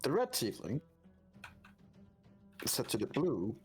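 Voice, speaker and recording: A man's voice: medium pitch, moderate pace. Man running a tabletop game over music. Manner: relaxed, with many fillers and restarts. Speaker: game master.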